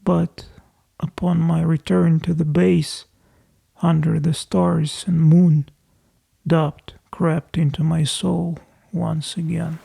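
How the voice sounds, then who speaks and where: A man reading a novel aloud as an audiobook narrator, in slow, deliberate storytelling. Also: fairly high pitch, level tone, vocal fry, warm tone, slightly rough.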